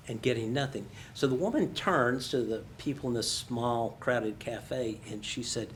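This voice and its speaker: A man's voice: medium pitch, normal speed, hardly any pauses, a little hiss or hum. An older American man speaking as guest in a career conversation, telling stories with self-deprecating humor. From United States.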